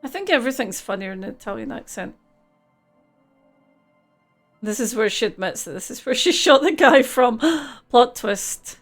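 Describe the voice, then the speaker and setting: Woman streamer, slightly high and gravelly, chatty, reads game text aloud over faint music. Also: expressive, normal speed, long pauses. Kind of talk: live gameplay commentary and reading aloud.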